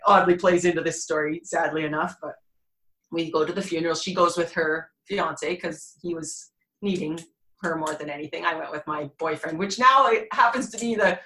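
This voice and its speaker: A woman in her forties from Alberta, a podcast guest telling a personal story in a candid, animated way and laughing between heavy moments. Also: sits low, moderate pace, poor audio. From Alberta, Canada.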